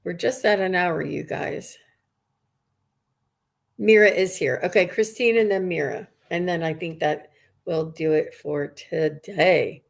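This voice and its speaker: Frau mit tiefer Stimme, ernst plaudernd. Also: female voice, on the low side, fairly even intonation, unhurried, gravelly. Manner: earnest, rambling, many restarts and fillers. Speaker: psychic medium. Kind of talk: live-stream reading for viewers.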